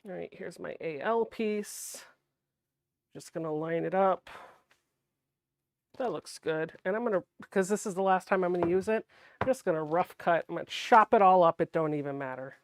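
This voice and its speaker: A woman hosting a sewing livestream, talking softly and chattily as she thinks aloud while she works. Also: lowish voice, normal speed, a little hiss or hum. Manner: soft-spoken, not projecting.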